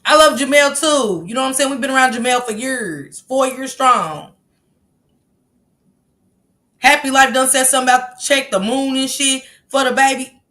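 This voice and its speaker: A woman's voice: sits high, normal speed, bright, forceful tone. A woman hosting a casual livestream, reading the chat aloud and bluntly scolding commenters. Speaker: livestream host.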